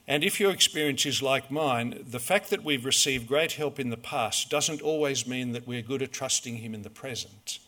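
A man preaching a sermon, measured and storytelling, full of rhetorical questions. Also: medium pitch, expressive, bright, forceful tone.

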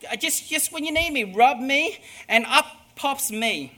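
Man playing a cheery genie-god, breezy and showy, high voice, very bright tone. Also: animated, measured pace, heavily acted. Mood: playful. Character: boastful God as a genie, male.

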